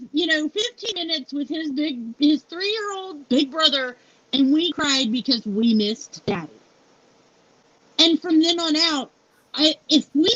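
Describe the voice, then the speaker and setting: Her voice high and a bit bright, a founder and CEO in her forties shares a personal story as a live interview guest, blunt and frank, with plenty of swearing and frequent "you know"s. The live stream audio is muffled and lo-fi, with slight background noise.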